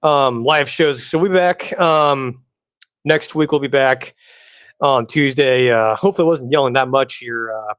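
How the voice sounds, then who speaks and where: A man's voice: medium pitch, a little slow, fairly bright tone, smooth, no echo. A man hosting a solo sports podcast, ranting angrily and with profanity, often repeating himself. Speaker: podcast host. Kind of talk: heated solo podcast rant.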